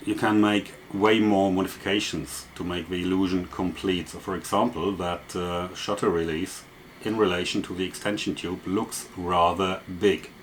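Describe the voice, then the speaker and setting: A man's voice: low voice, level tone, normal speed, slight background noise. A man walking through a photography and photo-editing tutorial step by step, explaining as he goes with frequent fillers. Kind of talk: screen-recorded software tutorial.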